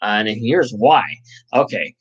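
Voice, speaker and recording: A man's voice: medium pitch, measured pace, breathy edge. A man hosting a casual live chat in a middling voice, rambling through stories with plenty of fillers and profanity. The audio is dull and lo-fi. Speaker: channel host.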